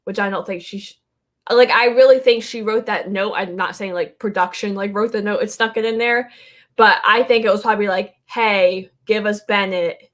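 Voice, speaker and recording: A woman's voice: mid-range voice, steady tone, a little fast. A woman co-hosting a podcast in casual chat, talkative, laughing often and filling her talk with "like" and "um". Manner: chatty, laughs often, many "like"s and "um"s. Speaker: podcast co-host.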